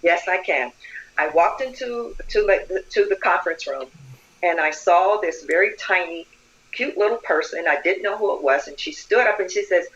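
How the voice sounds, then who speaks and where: A woman's voice: on the low side, normal speed, highs cut off. An older woman, a community leader, telling stories in an interview and acting out the dialogue. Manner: animated storyteller, acts out quoted dialogue. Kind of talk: storytelling interview.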